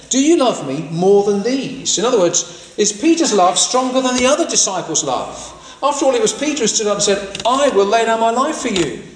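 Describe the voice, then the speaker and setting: A man's voice: high-pitched, a little hiss or hum. A man preaching a sermon, earnest and full of questions put to his listeners. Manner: questioning, earnest, emphatic rises. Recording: echoey hall with long reverb.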